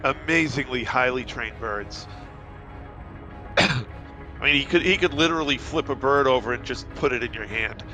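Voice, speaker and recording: A man's voice: medium pitch, moderate pace, bright, forceful tone, soft background music. A man chatting casually on a headset in a group voice chat, rambling with many fillers, a little tipsy and half asleep.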